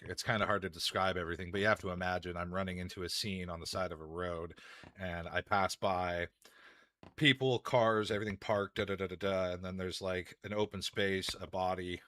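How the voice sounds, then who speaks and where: Young guy streaming from home, bright voice, rambly and sweary, dry sound. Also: sits low, steady tone, brisk, no room sound. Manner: rambling, profane, laughs often. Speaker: gaming streamer. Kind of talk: casual stream chat. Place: home room.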